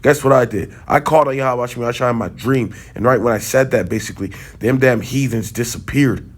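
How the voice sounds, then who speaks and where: A man's voice: mid-range voice, fairly quick. Man in a middle voice, loose sit-down teaching, checks in with the listener often, runs heated and scornful. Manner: talks loosely, checks in with "right?" and "okay?". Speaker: religious teacher.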